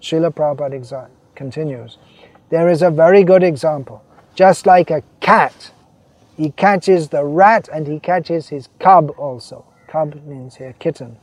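A man giving a devotional sermon, reading quotations and explaining them, slowing down to stress key phrases. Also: a little high, a little mellow, no echo. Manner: voices quoted figures, slows to stress key phrases. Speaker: preacher.

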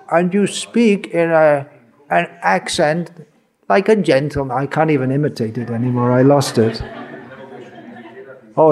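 Man, spiritual teacher, informal lecture, slow pace, wry humor, conversational. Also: medium pitch, darkish tone. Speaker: spiritual teacher giving a talk.

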